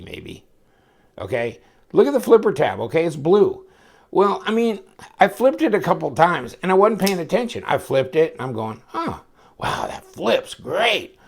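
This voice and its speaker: A man with a gravelly, fry-laden voice talks through a knife review in a loose, rambling way. He gets excitable and his pitch jumps around constantly as he shows the knife to his viewers. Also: moderate pace. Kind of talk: casual product review.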